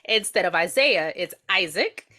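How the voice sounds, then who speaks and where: A woman's voice: on the low side, lively intonation, normal speed, bright, forceful tone. A woman co-hosting a podcast, bantering playfully while recapping a TV episode. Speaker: podcast co-host. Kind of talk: casual chat recapping a TV episode.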